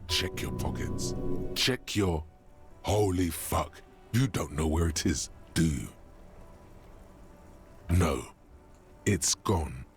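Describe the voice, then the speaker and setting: A man's voice: lively intonation, takes it slowly, long pauses, soft background music, exaggerated voice. An actor voicing a grim male inner-voice narrator for a game, grave and blunt. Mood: commanding. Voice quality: very deep, grave. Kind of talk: scripted game voice acting.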